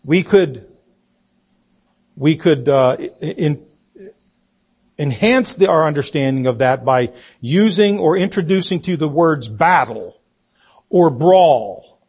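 A man preaching a sermon, telling a story slowly and deliberately and acting out the quoted voices. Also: a little high, animated, darkish tone, breathy edge. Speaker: pastor.

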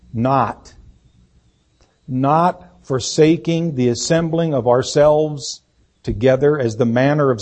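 A man delivers a sermon with a voice pitched a little higher than most men's. He speaks in a deliberate, emphatic way and leans hard on key words. He stumbles over fillers and restarts as he talks. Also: darkish tone. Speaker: pastor. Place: church sanctuary.

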